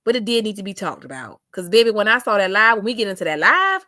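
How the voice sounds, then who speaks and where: A woman's voice: medium pitch, sing-song, fairly quick, pushed and bright, no echo, studio quality. A young adult woman hosting a casual livestream, reading chat comments aloud with sassy drawling asides.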